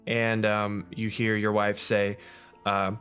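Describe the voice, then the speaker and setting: A man narrating a tabletop game as game master, halting with many restarts and fillers. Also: fairly low pitch, level tone, gravelly, a bit bright, soft background music.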